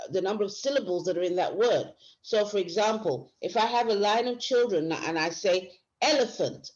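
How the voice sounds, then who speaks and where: A woman teacher with a medium-pitched, slightly mellow voice gives a workshop lecture. She explains things step by step, often restarting her phrases, in a dull lo-fi recording.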